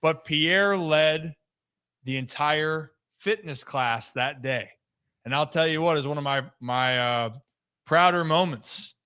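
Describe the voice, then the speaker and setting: A man's voice: a little high, takes it slowly, sharp tone, clear, resonant tone, no echo, clean studio sound. A man hosting a casual sports show, upbeat and playful, telling stories to his co-hosts. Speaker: host.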